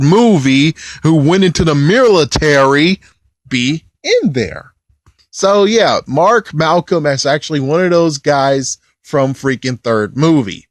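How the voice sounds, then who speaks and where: A man's voice: a little high, animated, measured pace, no room sound, clean studio sound. A man giving a casual, rambling movie review, exasperated and repeating himself as he swears.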